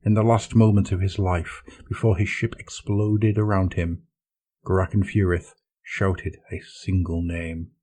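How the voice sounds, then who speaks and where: A man narrating dramatic science fiction in a measured storytelling manner. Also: low-pitched, level tone, a little mellow.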